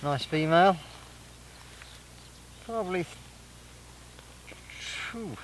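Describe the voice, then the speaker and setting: A man's voice: high-pitched, animated, drawn-out words, a little hiss or hum, rough recording. A man from England filming a casual fishing vlog outdoors by a lake, chatting and explaining his tackle step by step. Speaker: angler vlogger.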